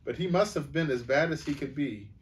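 An eager young boy prince who rambles and rushes his words, as a man reading aloud puts him on. The storybook voice sounds set back from the microphone. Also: fairly high pitch, a little hiss or hum, voice pushed up, close to an everyday voice. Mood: storytelling. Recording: voice from a distance.

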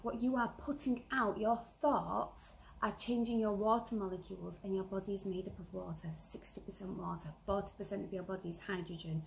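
A woman vlogger giving earnest self-help advice, stressing and repeating key phrases and sometimes dropping to a soft whisper. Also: mid-range voice, vocal fry, slight background noise, rough recording. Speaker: lifestyle vlogger. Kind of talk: motivational self-help talk.

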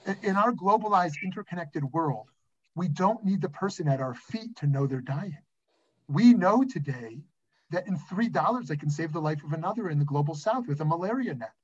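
Over a video call with dull, lo-fi audio, a rabbi teaches a class in a conversational way, weaving in anecdotes. His voice sits on the high side with a breathy edge, expressive at a normal speed, and he keeps asking "right?" as he goes.

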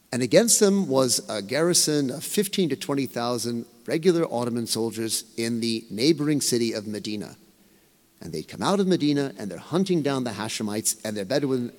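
A man giving a history lecture as a professor, telling it in a measured, emphatic way with rising stresses. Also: mid-range voice, darkish tone. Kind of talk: academic lecture. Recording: long hall reverb.

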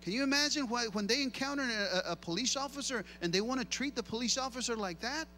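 A middle-aged pastor preaches with a very high, bright voice, moving freely between two languages. He drives his points home with repetition and lively emphasis, over a faint steady hum. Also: fast. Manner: animated, repeats himself for emphasis. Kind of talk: bilingual sermon.

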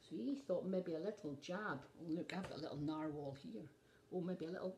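A woman's voice: mid-range voice, moderate pace, fairly bright tone, slight background noise. A woman reading a picture book aloud to children, adding asides for young listeners. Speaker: storyteller.

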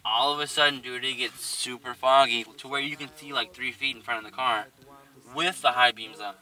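A young man casually telling a spooky story, animated and profane, laughing often. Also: mid-range voice, fairly quick. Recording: distant mic.

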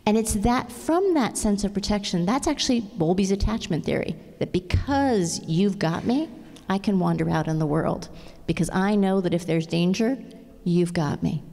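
A woman's voice: mid-range voice, moderate pace, creaky, warm tone. A middle-aged woman giving a conference plenary talk, earnest and engaging, often checking in with the audience. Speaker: conference speaker. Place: large conference hall. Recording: long reverb of a large hall.

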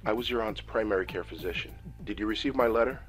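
A man voicing a formal, polite male hospital doctor in a video game, measured and courteous. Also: on the low side, a bit bright, faint music behind, lightly acted.

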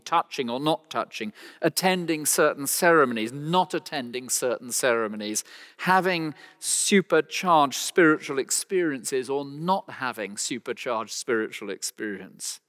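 A man's voice: fairly high pitch, a bit bright. A man with a British accent preaching an expository sermon, earnest and emphatic, hammering home key phrases by repeating them. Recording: long church reverb.

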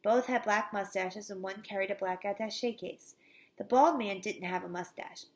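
Woman reading a children's book aloud. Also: mid-range voice. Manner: pauses to explain words; occasional slips and restarts.

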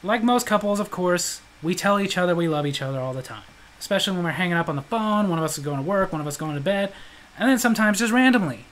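A man's voice: high voice, quick pace, poor audio. Joking man telling comic stories. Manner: joking, animated, laughs often. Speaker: host. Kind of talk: comedic storytelling.

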